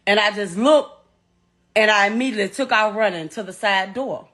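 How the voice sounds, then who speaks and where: A middle-aged woman telling a painful story as a mother, in a blunt, halting way full of profanity. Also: mid-range voice, fairly bright tone. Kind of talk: emotional first-person account.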